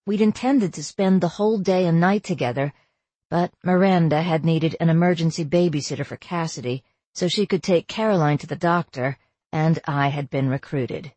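A woman narrating a first-person novel as an audiobook, in a measured, wry storytelling manner. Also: deep voice, darkish tone, no room sound.

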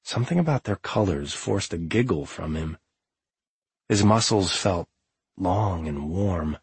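A man giving a calm, measured audiobook narration of a novel. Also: low voice, husky, no room sound.

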